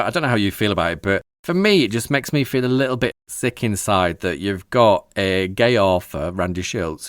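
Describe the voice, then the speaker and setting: A man with a fairly low voice reads aloud from old newspaper pages for a podcast. The sound is close and dry with no room around it, and now and then he drops into casual, rambling asides. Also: no room sound. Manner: reads archival text, then comments casually with fillers. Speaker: podcast host.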